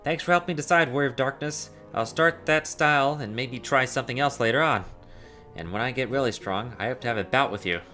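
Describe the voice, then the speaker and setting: A man's voice: mid-range voice, brisk, bright, forceful tone, soft background music, close to an everyday voice. A man reading the earnest, chatty lines of an eager young villager in a game.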